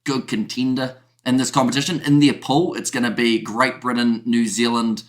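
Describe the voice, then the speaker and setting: Casual male podcast co-host, mid-pitched, chatty, says "you know" often, heard over a video call. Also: level tone, normal speed. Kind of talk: casual sports chat.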